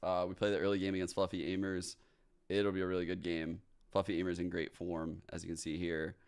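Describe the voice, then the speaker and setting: Laid-back male streamer, low and clean voice, casual sign-off with a few curses. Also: level tone, brisk, clean tone. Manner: laid-back, swears casually, signs off to viewers. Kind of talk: casual livestream commentary.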